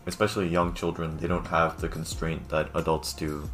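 A man's voice: extremely low pitch, level tone, moderate pace, a bit bright, soft background music. A young man co-hosting a casual podcast from home over a Zoom call, chatty and laughing with lots of fillers. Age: young adult. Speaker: podcast co-host.

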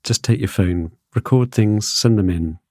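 A man's voice: lowish voice, a little slow, darkish tone, dry recording. A man hosting a podcast in a studio, chatting casually with hesitant restarts and fillers. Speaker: podcast host.

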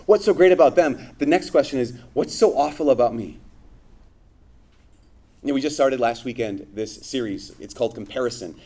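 A man giving a conversational sermon to his congregation, animated, with frequent asides. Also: medium pitch. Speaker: priest.

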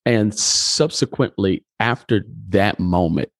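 Speaking slowly and on the low side, a pastor shares his story in a conversational interview, bringing it to life as an animated storyteller who acts out the dialogue. The studio sound is clean, with no room sound.

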